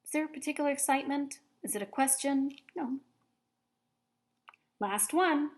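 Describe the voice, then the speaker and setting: A woman's voice: high voice, moderate pace. Patient woman teaching a grammar lesson. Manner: patient, clear, step-by-step instruction. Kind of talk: recorded grammar lesson for children.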